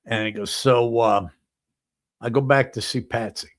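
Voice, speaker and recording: Brief: male talk host spinning a crude story, average pitch, lively delivery. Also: unhurried. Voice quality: animated, profane storytelling with many "he goes". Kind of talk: anecdotal storytelling on a talk show.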